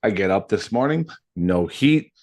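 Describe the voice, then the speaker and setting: A co-host in his thirties on a casual podcast speaks unhurriedly in a fairly low voice. He tells stories in an animated way, often laughing and acting out quotes. The recording is dry, with clean studio sound.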